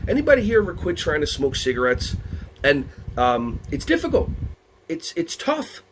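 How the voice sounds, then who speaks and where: A man from the United States leading a lively workshop for early childhood educators, playful and energetic. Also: fairly high pitch, moderate pace, a little hiss or hum. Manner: animated, playful, breaks into songs and silly voices.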